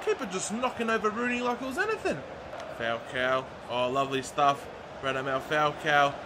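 Young man, gameplay commentary, animated, noisy recording. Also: a little high, moderate pace. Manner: excitable, shouts at big moments, chatty. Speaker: gaming YouTuber. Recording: audible background noise.

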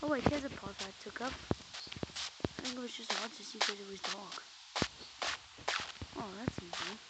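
A woman's voice: medium pitch, measured pace. A woman chatting casually over a game she is playing, rambling to herself, humming and singing snatches and slipping into whispered asides. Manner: rambling, hums and sings to self, drops into whispered asides. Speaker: gaming channel host. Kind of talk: casual gameplay commentary. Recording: noisy background.

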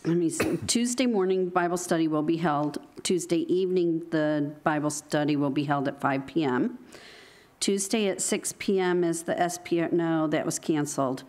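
A woman reading the weekly announcements in a church service, pausing to correct herself. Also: low voice, a little mellow. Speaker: announcements reader. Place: church sanctuary.

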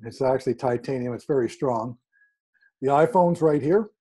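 A man telling a story in a casual, animated way, acting out quoted dialogue with sudden jumps in pitch. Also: normal speed. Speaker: guest speaker.

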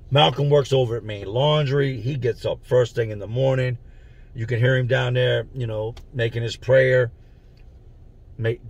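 Husky man telling a prison story. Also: medium pitch, darkish tone. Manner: slangy and conversational, explains terms as he goes. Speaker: storyteller recounting prison life. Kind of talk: casual storytelling.

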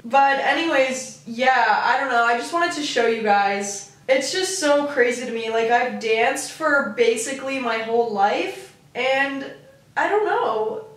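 A young adult vlogger chats casually to her viewers from her room, her talk full of "like" and "literally" and the odd swear word. Her slightly high voice is expressive and a little slow. Recorded on the camera's built-in mic with no external mic, she sounds a bit distant in a roomy space.

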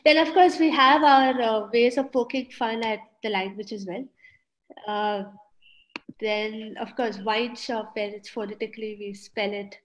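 Higher-voiced Indian woman presenting. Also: fairly even intonation, measured pace, low-quality recording. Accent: Indian English. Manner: chatty, full of "obviously" and "uh" fillers. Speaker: panelist. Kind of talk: panel presentation.

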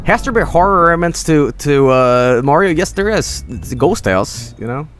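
A man's voice: fairly high pitch, big pitch swings, normal speed, a bit bright, faint music behind. A young man giving casual live gameplay commentary, rambling and full of fillers. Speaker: streamer.

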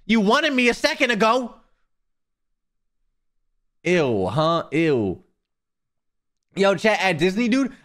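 Male streamer with a slightly high voice, foul-mouthed, animated rants. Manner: profane, animated ranting. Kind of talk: casual live-stream chat.

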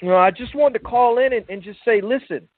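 An emotional man calls in over a tinny phone line, his voice pitched high for a man. He speaks earnestly, stumbling over restarts and repeating "brother." The sound is dry and close, with no room around it. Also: brisk, no room sound. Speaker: caller to a call-in show. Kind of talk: heartfelt call-in plea.

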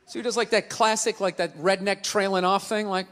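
Comic, high shouty delivery, brash rants; big echoing hall, loud crowd. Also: male voice, moderate pace, background noise. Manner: brash, profane, ranting. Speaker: stand-up comedian. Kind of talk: stand-up comedy. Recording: live stand-up, roomy hall, loud crowd.

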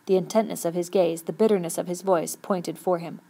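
A woman reading a novel aloud with steady, expressive storytelling. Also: lowish voice, a little fast, gravelly. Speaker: audiobook reader.

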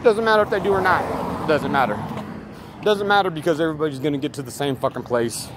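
A man's voice: fairly high pitch, fast talker. A man giving a rambling, profane, emphatic monologue outdoors near traffic. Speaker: vlogger. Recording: loud street and vehicle noise.

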